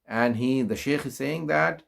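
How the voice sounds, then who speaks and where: A middle-aged man preaching, telling a religious story slowly with many fillers and rising emphasis. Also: vocal fry. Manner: unhurried, many fillers, rises in pitch for emphasis. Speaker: Islamic preacher. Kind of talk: storytelling sermon.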